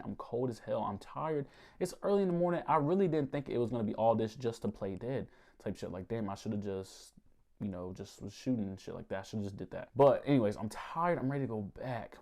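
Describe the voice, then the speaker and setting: A man, a former Marine, telling a story in a casual vlog, lively and profane, acting out sounds and quotes along the way. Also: medium pitch.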